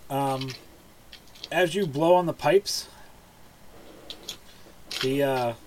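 A man narrating as game master in a relaxed, halting way with many fillers. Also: mid-range voice, slight background noise.

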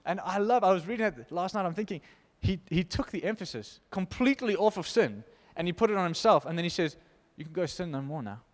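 Male preacher, emphatic and lively, slightly high pitch, recorded with long hall reverb. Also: quick pace, hardly any pauses. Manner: animated, emphatic, laughs between points. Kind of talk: informal sermon with scripture reading.

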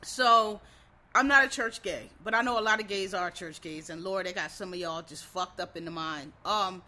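A man chats casually to his listeners, sounding a little tired. His voice is bright and forward. He rambles, trails off and restarts, and calls his audience y'all. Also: sits high, normal speed. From Philadelphia. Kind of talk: casual chat recapping a TV show.

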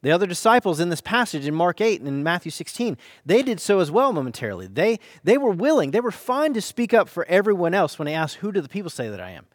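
An American man, a pastor, delivering a sermon with earnest, dynamic emphasis, slowing down to stress key phrases. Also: high-pitched, very animated, no echo, studio quality.

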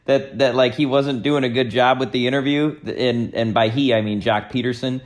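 A man's voice: mid-range voice, steady tone, moderate pace. Man, podcast co-host, casual chat, hesitant, stammering restarts.

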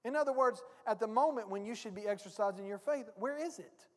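A man's voice: high voice, brisk. A man, the pastor, preaching an informal, folksy sermon and firing rhetorical questions at the congregation. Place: church sanctuary. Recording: long reverb of a church hall.

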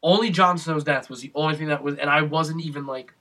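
A young man in casual chat, excitable, swearing a lot and acting out his own reactions. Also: fairly high pitch, fast talker. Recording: voice a bit far from the mic.

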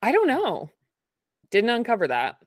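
A woman co-hosts a podcast, enthusiastically recapping an episode in casual chat and laughing often. Her voice sits on the high side with huge pitch swings and a slightly slow pace, recorded with clean studio sound and no room sound.

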